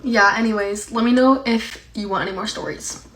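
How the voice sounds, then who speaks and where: A woman's voice: medium pitch, fairly even intonation, moderate pace, a bit bright, a little hiss or hum, low-quality recording. A young woman from Appalachia, telling a story in a casual, rambling way with lots of "like". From Appalachia, USA. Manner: rambling, heavy use of "like". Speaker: TikTok storyteller.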